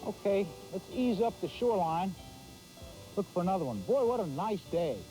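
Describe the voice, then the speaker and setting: A man hosting a fishing show, giving folksy live commentary from a boat on a pond and exclaiming loudly. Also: sits high, expressive, normal speed, faint music behind, rough recording.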